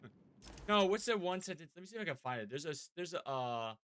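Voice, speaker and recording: A man's voice: a little high, sing-song, brisk, a bit bright, a little hiss or hum. A man live-streaming a game, chatting casually with his viewers, rambling and swearing freely.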